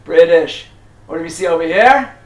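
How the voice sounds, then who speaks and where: A man's voice: a little high, expressive, moderate pace, echoey room. A man leading a small group through history as a tour guide, chatty and full of questions to his listeners, with many fillers and restarts. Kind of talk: casual guided lecture.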